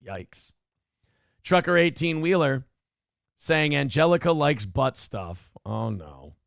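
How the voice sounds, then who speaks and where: Animated, gravelly-voiced male streamer. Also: fairly high pitch, no room sound, studio quality. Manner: mocking, taunting, profane banter. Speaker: live stream host. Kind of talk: live stream chat reading.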